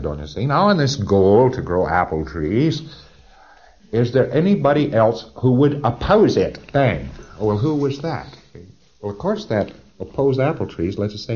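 A man's voice: lowish voice, darkish tone, lo-fi sound. A man giving a conversational, emphatic lecture with asides and rhetorical questions. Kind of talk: recorded lecture.

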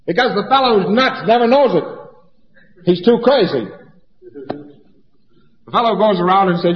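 A man lecturing in an emphatic, folksy style who acts out small anecdotes as he goes. His voice sits fairly high. The old, dull recording carries a long hall reverb. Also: lively intonation, normal speed, long pauses.

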